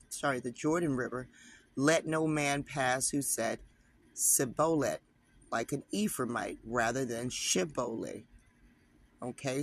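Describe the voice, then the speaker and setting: Reading an article aloud as an online teacher, a man with a fairly high pitch and fairly bright tone keeps stopping for emphatic asides. His manner is casual and conversational, and he addresses his viewers directly.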